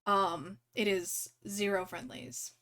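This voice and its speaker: A woman's voice: medium pitch, flat delivery, slow pace, sharp tone. A young woman running a tabletop game on a live stream, rambling with many fillers and restarts. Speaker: game master.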